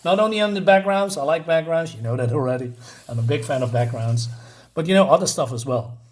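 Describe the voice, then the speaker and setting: A man's voice: a little high, animated, a little fast. A man casually reviewing a comic book in a rambling way, with lots of filler words.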